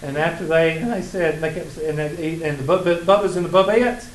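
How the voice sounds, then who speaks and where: A man's voice on the high side, with a Southern accent, carries a college math lecture at normal speed. He's a folksy instructor who tells stories, jokes, and teases the class, recorded in an echoey room with faint ambience.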